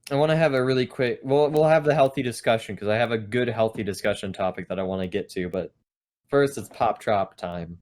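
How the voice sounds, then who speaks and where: A man co-hosting a podcast in casual chat, excitable and swearing freely. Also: lowish voice, a little fast. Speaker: podcast co-host.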